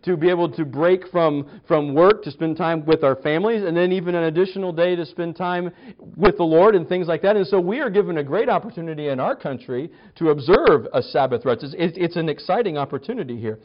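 A man's voice: fairly high pitch, brisk, muffled recording. A man preaching a sermon in a conversational, storytelling way, often restarting and stammering over his words. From United States. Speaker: pastor.

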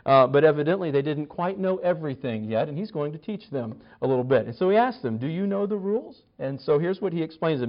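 A man teaching a conversational Bible study, chatty, with wry humor and frequent restarts. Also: on the high side. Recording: slightly dull lo-fi recording.

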